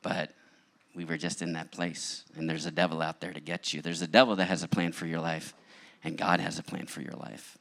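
A man's voice: a bass voice, flat delivery, a little fast, creaky, fairly bright tone. A male pastor preaching a sermon, telling his own story in a candid, conversational way. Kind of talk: sermon with personal testimony.

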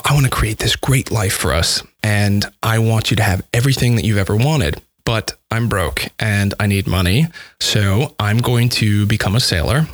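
Male, conversational storyteller, low-leaning voice, dry close sound, halting delivery full of repeats. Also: dry recording. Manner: halting, repeats words and restarts often. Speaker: composer describing his dissertation project.

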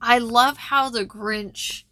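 A woman's voice: fairly high pitch, steady tone, slow, pushed and bright, no room sound. A woman retelling a film's plot in a casual, rambling chat with frequent ums. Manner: chatty and rambling, lots of ums.

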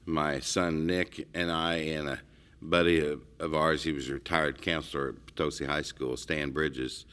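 A man's voice: a bass voice, level tone, moderate pace, fairly bright tone, clear, resonant tone. A middle-aged man casually telling stories in a rambling way, with frequent restarts. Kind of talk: casual conversation.

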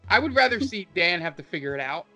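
Male podcast host and game master, slightly high voice, rambling and enthusiastic with lots of fillers. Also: sing-song, fast talker, sharp tone, faint music behind. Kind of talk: casual podcast chat.

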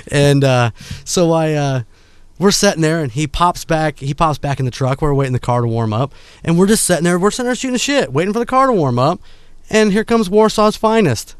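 A man's voice: a little high, brisk, clear, resonant tone, no room sound. A man hosting a podcast, telling a casual story with laughs and acted-out quotes. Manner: animated, laughing, acts out quotes.

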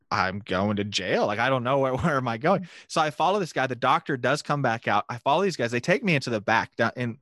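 A man telling a lively mission story in a casual, animated way, laughing now and then. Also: medium pitch, dry recording, clean studio sound.

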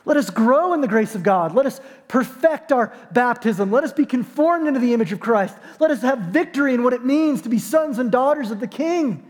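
A man's voice: very high voice, lively intonation, a little fast, hardly any pauses, long reverb tail. A man preaching a sermon as pastor, conversational and emphatic, with dry self-deprecating jokes.

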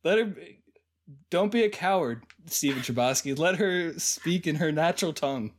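A man's voice: on the high side, normal speed, a little hiss or hum. A man co-hosting a podcast in casual chat, blunt and sarcastic about films, laughing often. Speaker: podcast co-host.

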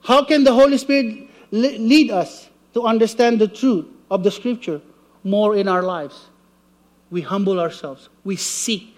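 Preacher, male, higher-pitched voice, lively sermon delivery that acts out the voices in his stories. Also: a little slow. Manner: animated storytelling, acting out voices.

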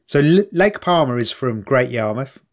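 A man's voice: mid-range voice, expressive, moderate pace. A man in casual podcast banter, blunt and crude with jokey asides. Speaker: podcast co-host. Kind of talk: casual chat.

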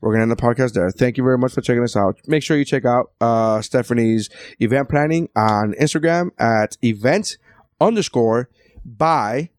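A young man hosting a podcast, a comedian telling a profane story in an animated way. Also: medium pitch, normal speed, no room sound, studio quality.

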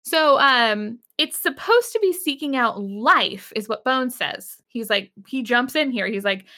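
A woman's voice: fairly high pitch, measured pace. A young woman co-hosting a podcast, retelling an episode casually with lots of laughing and swearing. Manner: giggly, swearing, animated retelling. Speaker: podcast co-host.

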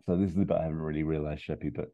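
A man casually pitching a comedy plot, rambling and chuckling with quick put-on voices. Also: fairly even intonation. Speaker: podcast host pitching a film plot. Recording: tinny phone-like line.

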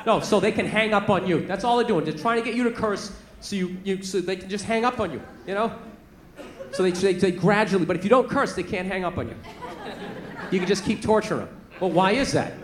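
High-voiced ranting stand-up comedian man. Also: brisk. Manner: animated ranting, profane, laughing mid-line. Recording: roomy club sound with crowd noise.

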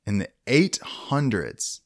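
A man co-hosting a comedy podcast, joking in a laid-back, deadpan way. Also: medium pitch, slow pace. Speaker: podcast co-host. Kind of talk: casual comedic chat.

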